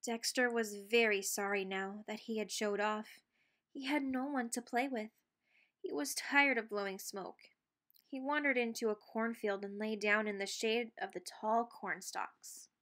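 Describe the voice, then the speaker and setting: A woman reading a children's picture book aloud, expressive and playful with sound words. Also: on the high side, unhurried. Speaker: read-aloud narrator.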